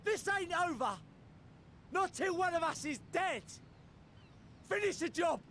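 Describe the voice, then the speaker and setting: An actor playing a defiant, hotheaded young pirate in a game cutscene, with a rough voice. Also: male voice, very high-pitched, animated, a little slow, a bit bright, a little hiss or hum, full character voice.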